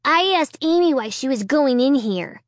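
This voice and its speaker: A woman's voice: sits high, animated, normal speed, dry recording, studio quality, pitched above the performer's own voice. A woman voicing a kid brother who is telling on his sister in a matter-of-fact way. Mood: tattling.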